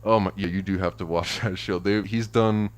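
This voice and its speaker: A man's voice: low-pitched, normal speed. A man chatting casually and retelling a show scene with lots of swearing and energy. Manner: animated storyteller, acting out characters, swearing. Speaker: podcast co-host.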